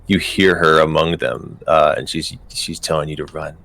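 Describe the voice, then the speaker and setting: A man's voice: rumbling low, level tone, moderate pace, vocal fry, a bit bright. A man running a tabletop game as game master, casual and hesitant, with many ums and easy laughs.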